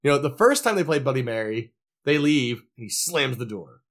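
A man's voice: mid-range voice, a little fast. A man co-hosting a podcast, chatting casually about horror films and acting out characters' lines. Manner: animated, acts out characters' lines in quoted voices. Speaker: podcast co-host. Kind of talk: casual film review chat.

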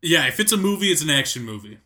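A man guesting on a casual movie review podcast, making dry, deadpan jokes. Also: on the high side, fast talker.

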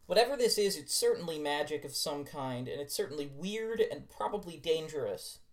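A man running a tabletop role-playing game, describing scenes in a relaxed way with plenty of filler words. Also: fairly high pitch, moderate pace. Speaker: game master.

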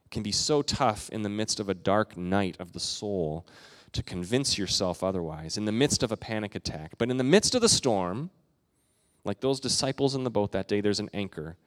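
A man preaching a sermon as pastor, earnest, swelling to loud emphatic peaks and then dropping soft. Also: on the low side, lively intonation, normal speed. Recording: long hall reverb.

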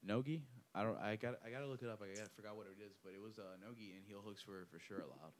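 A man's voice: on the low side, very fast, very noisy. A man co-hosting a podcast, chatting in a laid-back way with many fillers. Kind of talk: casual chat.

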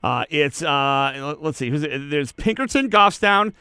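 Male sports co-host, emphatic and excitable, smooth resonant voice, dry sound. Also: fairly high pitch, no echo. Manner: animated, emphatic, quick to rant and laugh. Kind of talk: casual sports talk.

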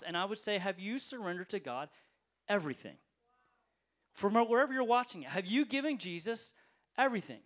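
A man pastor preaching a sermon to a church congregation, conversational, asking rhetorical questions, swinging between loud emphatic lines and quiet ones. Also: high voice, lively intonation, fairly quick, long pauses. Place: church service, streamed online.

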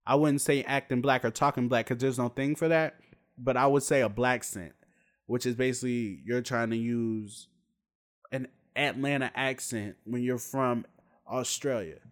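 A vlogger in his twenties rants to camera in a casual vlog, blunt and heavily profane, telling his story with animation. He speaks in a mid-range voice at a moderate pace.

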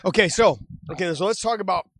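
A man's voice: high voice, quick pace, fairly bright tone, no echo, clean studio sound. A man co-hosting a podcast, sweating and teary as he suffers through a hot chip, groaning and laughing. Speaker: podcast co-host. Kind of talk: casual chat while eating a hot chip.

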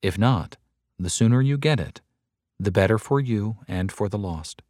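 Man, lowish voice, earnest, deliberate sermon reading, dry close sound. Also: lively intonation, darkish tone, no echo. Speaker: reader of a devotional text. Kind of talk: measured reading of a soul-winning sermon.

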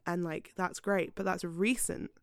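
A woman's voice: lowish voice, fairly even intonation, unhurried, no echo, studio quality. A woman co-hosting a podcast who talks in a rambling, conversational way and says "like" a lot. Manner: rambling and conversational, heavy use of "like". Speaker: podcast co-host. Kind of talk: casual podcast discussion.

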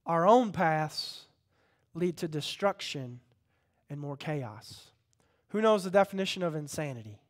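A man preaching a sermon, impassioned, dropping to a hush and then rising loud as he calls out to the congregation. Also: on the high side, expressive, a little slow. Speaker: pastor.

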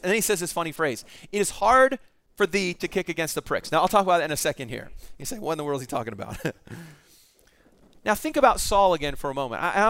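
A man's voice: high-pitched, a bit bright, clean tone, no echo. A middle-aged male pastor preaching a sermon, telling the story with animation and acting out the voices in it.

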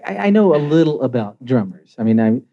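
Lively-pitched male radio host, dull sound. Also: fast. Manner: short encouraging responses. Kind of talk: radio interview.

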